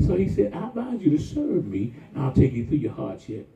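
A man preaching a lively, folksy sermon with call-and-response and shouts to the congregation. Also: fairly high pitch, fairly quick, vocal fry, crowd noise. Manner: folksy, conversational, acts out quoted voices. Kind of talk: lively Palm Sunday sermon. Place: church sanctuary. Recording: echoey church heard from far off over a tinny line.

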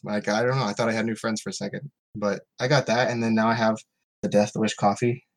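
A man's voice: lowish voice, little pitch movement, quick pace. A man co-hosting a casual podcast from home, rambling through stories with restarts and laughs. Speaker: podcast co-host. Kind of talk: casual chat.

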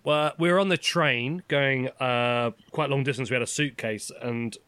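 A man's voice: medium pitch, normal speed, fairly bright tone, clean tone, no echo. A man chatting casually in a game of guessing true stories, laughing often and teasing. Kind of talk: casual chat, two truths and a lie game.

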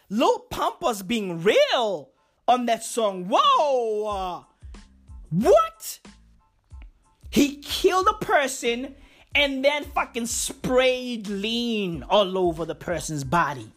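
A woman with a fairly high voice rants for laughs in slang, swearing freely and circling back to the same lines. She talks slowly, stretching out her words. Faint music plays behind her. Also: big pitch swings, a bit bright. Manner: profane slangy rant, repeats lines for effect. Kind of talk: comedic rant.

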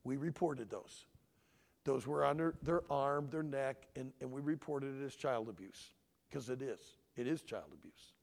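In a large hall, a middle-aged man preaches emotionally at a family conference. His unhurried, gravelly, mid-range voice alternates between forceful emphasis and quiet lines that are almost whispered.

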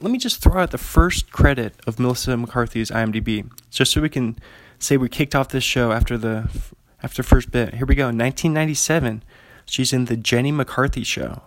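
A man's voice: mid-range voice, no echo. A man in his thirties from Washington State, hosting a solo podcast and telling rambling, digressive stories with frequent chuckles. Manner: digressive, chuckling, casual storyteller. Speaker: podcast host.

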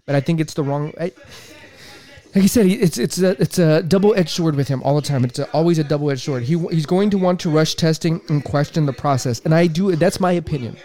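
A man's voice: on the high side, fairly quick, mellow. A man giving heated political commentary, cursing often and repeating himself as he gets worked up.

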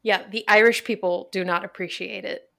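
A woman's voice: medium pitch, steady tone, normal speed, gravelly, a bit bright. Chatty American woman co-hosting a podcast. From United States. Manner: chatty, laughs often. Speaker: podcast co-host. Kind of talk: casual chat.

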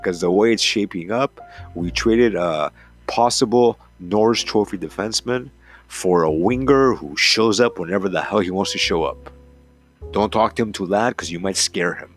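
A man's voice: fairly low pitch, normal speed, faint music behind. A man hosting a hockey talk show, ranting in a profane, heated, rambling way. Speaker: hockey podcast host. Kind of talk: casual rant, reading a column aloud.

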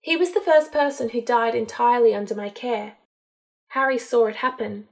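A woman reading a storybook, voicing a distraught young witch healer who talks in a halting, tearful way. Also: a little high, vocal fry, voice pushed up. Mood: earnest.

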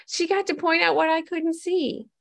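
A woman's voice: extremely high pitch, steady tone, normal speed, creaky. A woman giving a personal recovery testimony to a group, candid and self-mocking, asking her listeners questions as she goes. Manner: conversational, asks the audience questions. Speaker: speaker sharing her recovery story.

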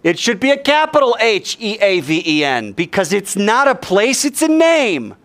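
A man preaching a sermon in a lively, joking way, acting out quoted voices. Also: high-pitched, normal speed. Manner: animated, jokey, acts out quoted voices. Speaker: pastor.

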